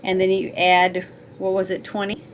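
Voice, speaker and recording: A woman's voice: medium pitch, completely flat delivery, moderate pace, slight background noise. A woman playing in a tabletop game, easygoing and asking about the rules. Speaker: player. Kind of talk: casual tabletop game play.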